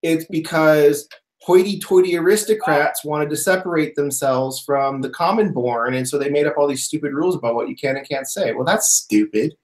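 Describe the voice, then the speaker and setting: A male podcast co-host with a voice on the high side tells stories at normal speed in a reverberant space. He's animated in this casual chat, laughing often and acting out quotes.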